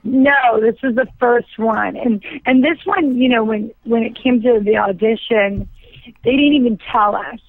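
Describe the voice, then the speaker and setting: A woman in her thirties, a guest actress, telling stories in a quick, chatty way full of fillers. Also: on the high side, dry recording. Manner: chatty, fast, filler-heavy storytelling with frequent likes. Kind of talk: casual interview chat. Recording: dry tinny phone line.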